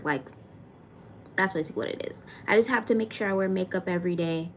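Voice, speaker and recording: A woman's voice: medium pitch, slight background noise. A young woman from Florida chatting casually on a live stream, reading viewer comments aloud and venting frankly with plenty of swearing. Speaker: livestreamer answering chat.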